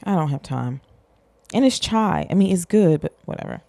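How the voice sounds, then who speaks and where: A woman's voice: on the low side, sing-song, moderate pace, vocal fry, mellow, no echo. A young woman hosting a podcast, talking frankly and casually in a rambling way, swearing freely and joking at herself. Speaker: podcast host. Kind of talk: candid casual monologue.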